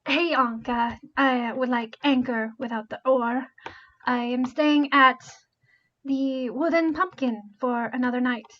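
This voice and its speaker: A friendly letter-writer with a put-on accent, voiced by a woman reads slowly and haltingly. The voice is high. The lo-fi stream audio sounds dull. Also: steady tone.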